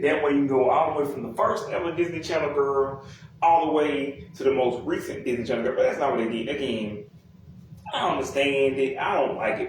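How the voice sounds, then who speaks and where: Annoyed young guy going off about an album, swears a lot, mid pitch, roomy echo, bit of hiss. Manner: blunt, exasperated, profane, rambling. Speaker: music commentator. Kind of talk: casual ranting commentary. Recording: very echoey room, distant from mic, faint noise.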